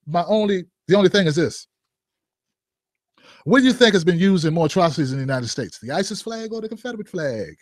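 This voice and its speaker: Male vlog host, high voice, joking opinionated commentary with rhetorical asides. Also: animated, quick pace, dry recording, studio quality.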